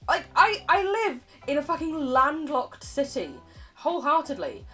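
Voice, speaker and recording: A woman's voice: high-pitched, big pitch swings, measured pace, bright, forceful tone, faint music behind. A woman streaming a game, chatting in a rambling, self-mocking way, laughing often and swearing casually. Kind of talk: casual live-stream chatter while playing.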